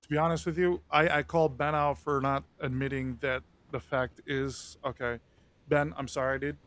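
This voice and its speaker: A man's voice: medium pitch, fairly even intonation, moderate pace, fairly bright tone. A man on a stream call who stammers and talks defensively in casual chat.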